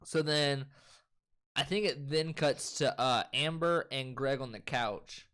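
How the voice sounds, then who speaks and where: A young man, co-hosting a casual chat and loosely retelling a movie plot with profanity and quick voices. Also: mid-range voice, fairly bright tone, smooth. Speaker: co-host.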